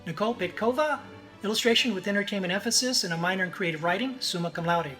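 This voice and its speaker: High, bright-voiced man giving a commencement address. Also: quick pace, soft background music. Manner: formal, reading out graduate names and honors. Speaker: illustration faculty member.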